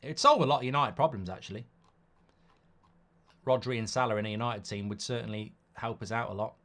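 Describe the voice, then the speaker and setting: A middle-aged man hosts a live football watchalong, chatting away and reading out viewer comments in a casual stream. His voice is mid-range, a little fast and a bit bright.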